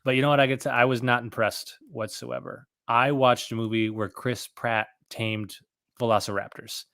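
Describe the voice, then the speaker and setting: A man's voice: mid-range voice, little pitch movement, normal speed, gravelly, a bit bright. A man co-hosting a casual podcast chat, joking with many fillers and restarts. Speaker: podcast co-host.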